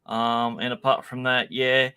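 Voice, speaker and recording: A chatty man from Australia guesting on a podcast, rambling a little as he talks. His voice is bright and edged. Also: medium pitch, monotone, a little slow, smooth, no room sound. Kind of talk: casual chat.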